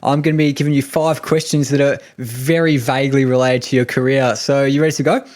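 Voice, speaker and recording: A man's voice: mid-range voice, steady tone, a little fast, darkish tone. A man with an Australian accent hosting a podcast, asking questions and running a quiz in a chatty, easygoing way. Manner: easygoing, chatty, hesitant fillers. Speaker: podcast host.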